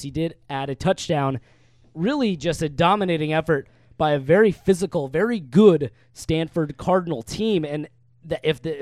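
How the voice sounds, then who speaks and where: A man's voice: fairly high pitch, a little mellow, no room sound, clean studio sound. Man hosting a live sports radio show. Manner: brisk, stat-heavy play-by-play recap. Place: radio studio.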